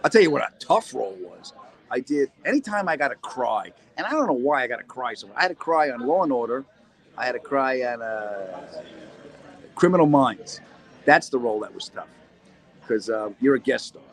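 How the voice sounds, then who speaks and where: A man's voice: mid-range voice, expressive, normal speed, low-quality recording. A middle-aged man, a comedian and actor, rambling and joking through a casual live-stream chat from a cold cellar, answering viewer questions. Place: cold cellar corner, indoors.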